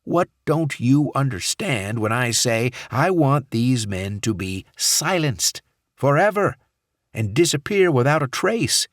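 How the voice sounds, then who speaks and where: A male audiobook narrator voicing a gruff, impatient handler who gives clipped, insistent orders. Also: low voice, lively intonation, measured pace, fairly bright tone, dry recording, clean studio sound, heavily acted. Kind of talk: audiobook character voice.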